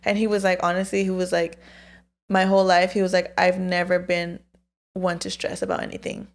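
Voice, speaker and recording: A woman's voice: lowish voice, fairly quick. A woman in her twenties co-hosting a podcast, telling stories in a loose, swearing, filler-heavy way. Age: 20s. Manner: storytelling with frequent swearing and fillers. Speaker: podcast co-host. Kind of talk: casual chat.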